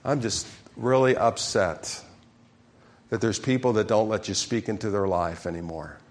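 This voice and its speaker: A man, a pastor, preaching a sermon and calling out to his congregation with emphatic questions. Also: fairly low pitch.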